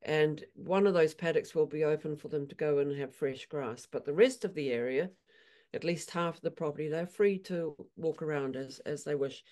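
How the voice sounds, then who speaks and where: A woman equine therapist telling animated stories in an interview, acting out her horses' voices. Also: deep voice, moderate pace. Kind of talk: storytelling in an interview.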